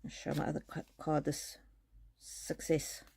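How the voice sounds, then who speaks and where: A woman giving a live-streamed oracle card reading in a gentle, reassuring way, often restarting her sentences. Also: sits low, completely flat delivery, a little slow, vocal fry, slight background noise. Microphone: streaming mic.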